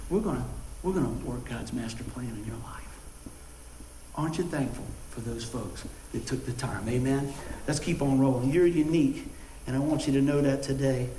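Male preacher, high voice, animated storyteller, echoey room. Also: slight background noise. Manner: animated storytelling with call-and-response. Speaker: pastor. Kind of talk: sermon.

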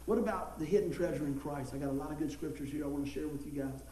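Heard from a distance in a reverberant church space with faint ambient noise, a middle-aged male pastor delivers his sermon as folksy storytelling. His voice is high and quick, and he laughs and stays lively as he speaks.

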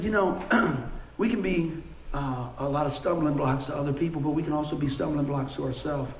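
Male preacher, high voice, animated storyteller, echoey room. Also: a little hiss or hum. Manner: animated storytelling with call-and-response. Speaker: pastor. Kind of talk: sermon.

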